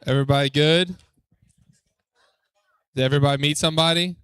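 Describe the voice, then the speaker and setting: A man talks to a youth group in a church, upbeat and joking as he coaxes the crowd with quick questions. His voice sits a little high for a man, and the sound is close and dry. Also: steady tone, fairly bright tone, clean tone, dry recording. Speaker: youth pastor. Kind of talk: lively talk to a youth group.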